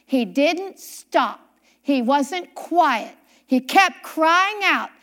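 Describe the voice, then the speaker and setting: This sermon comes from a woman with a bright, very high voice and lively intonation that swings up and down a lot. She doesn't rush, reading scripture slowly, repeating important phrases to stress them, and often addressing questions straight to the congregation.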